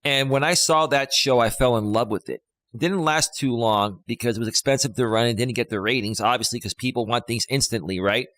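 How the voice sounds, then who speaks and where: A man's voice: mid-range voice, fairly quick, a bit bright, no room sound. Rambling middle-aged male life coach. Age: 50s. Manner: rambling, emphatic, with many fillers and restarts. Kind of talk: casual live-stream talk.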